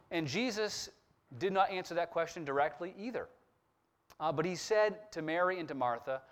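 A man preaching a sermon in a fairly high voice that swings widely in pitch. He slows down and leans on the words when he reads scripture, then returns to a plainer explaining tone. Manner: expressive preaching, slowing down on scripture quotes. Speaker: pastor.

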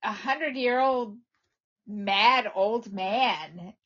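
A woman co-hosting a casual chat podcast, telling animated stories with lots of exclamations. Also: mid-range voice, drawn-out words, dull audio. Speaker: podcast co-host.

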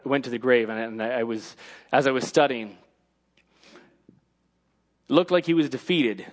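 A man preaching a sermon, punctuating his lines with "Amen" and rising to shouted emphasis. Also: medium pitch.

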